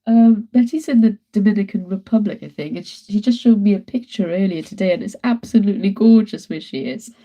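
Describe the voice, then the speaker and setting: Brief: woman in her 30s, artist hosting a live stream from her home studio, chatty and giggly, very warm, dark tone. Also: medium pitch, brisk, hardly any pauses, rough recording. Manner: chatty, laughs often, greets viewers. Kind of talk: casual live-stream chat.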